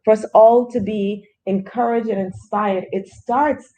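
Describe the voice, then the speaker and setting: Mellow-voiced woman leading a grief group. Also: mid-range voice, a little slow, a little hiss or hum. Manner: earnest, animated, uses everyday analogies. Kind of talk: small-group discussion.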